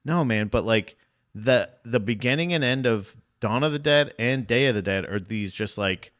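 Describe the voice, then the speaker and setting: Guy cohosting a movie podcast, rambly, keeps restarting sentences, swears some, normal pitch. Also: lively intonation, moderate pace, fairly bright tone. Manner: rambling, restarts often, profane. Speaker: podcast co-host. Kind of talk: casual movie chat.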